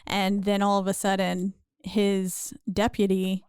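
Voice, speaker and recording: Woman co-host, mid-pitched voice, dry booth sound; blunt, casual, a bit profane. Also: monotone, a little slow, a little mellow, smooth, no room sound. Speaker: podcast co-host. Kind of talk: casual movie recap chat.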